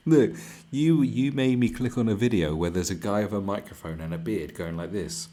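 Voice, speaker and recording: A man's voice: on the low side, mellow. A young man streaming live, ranting crudely and mocking the video in front of him, laughing often. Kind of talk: profane ranting reaction stream.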